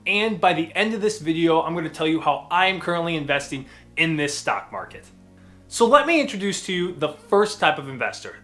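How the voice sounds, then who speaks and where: A man's voice: a little high, fairly bright tone. Upbeat man explaining investing. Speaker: finance YouTuber. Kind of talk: casual explainer video. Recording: faint background music.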